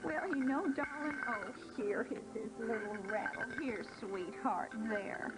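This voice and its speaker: A woman's voice: a little high, lively intonation, a little slow, loud music behind the voice, low-quality recording. An actress playing a fussy, guilt-tripping older mother-in-law who talks in a wheedling, tearful quaver, in a daytime soap. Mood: self-pitying.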